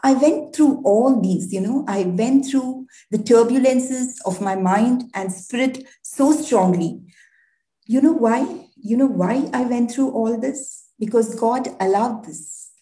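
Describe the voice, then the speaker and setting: A woman's voice: fairly high pitch, takes it slowly, dark tone. Earnest woman sharing testimony. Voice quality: earnest, heartfelt, reflective. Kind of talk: personal testimony at a prayer meeting. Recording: roomy echo.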